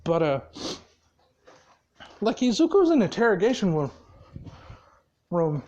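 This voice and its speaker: A rambling, profane storyteller spinning a fan-made story in loose, casual speech full of fillers and laughs. The pitch is lively and swings widely. The pace is slow and unhurried. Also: dull audio.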